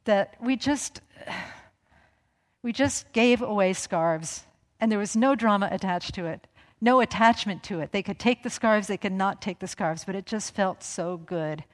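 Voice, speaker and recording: A woman giving a gentle, conversational sermon, with easy asides and soft laughter. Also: medium pitch, a little slow. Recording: long reverb of a hall.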